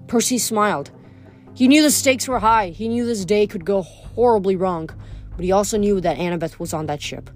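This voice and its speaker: A woman's voice: medium pitch, moderate pace. A woman podcast host reads a novel aloud, then signs off in a loose, casual way full of ums and restarts. Faint music plays underneath. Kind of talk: read-aloud narration and casual sign-off.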